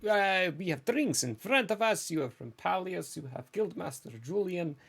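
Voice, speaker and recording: A man voicing a friendly, chatty female druid leader who stammers and rambles in an animated way. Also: high-pitched, moderate pace, creaky, husky, voice pushed up, exaggerated voice. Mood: explaining.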